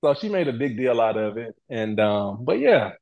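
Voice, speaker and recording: A middle-aged man telling a story as a guest in a casual interview, animated and acting out other people's lines. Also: medium pitch, moderate pace, narrow, tinny audio. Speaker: reality TV guest.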